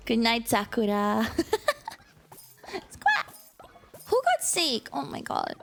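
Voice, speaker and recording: A woman streaming a game and chatting casually with viewers. Her voice sounds strained and tired, and she is excitable and apologetic, breaking into loud squeals. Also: fairly high pitch, unhurried, vocal fry, soft background music. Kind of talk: casual gameplay chat with viewers.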